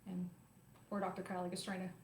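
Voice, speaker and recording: A woman in her forties, hosting her own show, telling a personal story to viewers in an animated, emotional, confiding way. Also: fairly low pitch, a little fast, slight background noise. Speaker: host. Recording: roomy echo, faint ambience.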